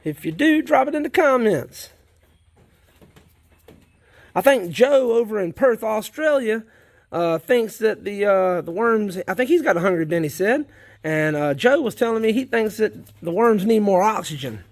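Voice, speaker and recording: Talking at a normal speed in a high-sitting voice with lively intonation, this Southern man from South Carolina rambles casually to his vlog viewers. He's in a garden shed working on his worm bins as he chats in a folksy way.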